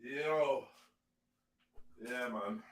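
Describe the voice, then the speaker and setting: A man's voice: mid-range voice, extremely slow, a bit bright. A man hosting a live online panel show, hyping the audience and teasing his guests in casual banter. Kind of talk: casual live-stream chat.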